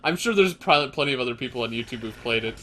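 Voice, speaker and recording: A man's voice: medium pitch, lively intonation, rapid-fire, a bit bright. A young man co-hosting a let's play, chatting casually in a rambling way with fillers and laughs. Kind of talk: casual gaming commentary.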